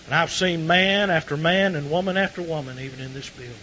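A man preaching a sermon to a congregation in church, rising to shouts at the peaks. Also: fairly high pitch, brisk, slight background noise, rough recording. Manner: impassioned, shouting at peaks, folksy.

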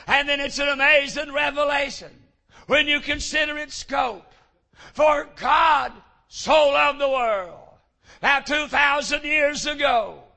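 A man preaches a fiery sermon in a high, gravelly voice. He speaks slowly and deliberately, then breaks into bright, sharp shouts on the refrains. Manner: fervent, declamatory, rising to shouts on repeated refrains.

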